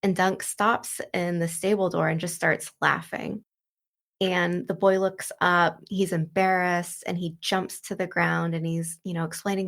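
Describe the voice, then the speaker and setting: A woman's voice: lowish voice, flat delivery, a little slow, gravelly, fairly bright tone. A woman hosting a book walkthrough, retelling the story in a loose, chatty way full of "like" and "you know.". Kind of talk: casual book commentary and retelling.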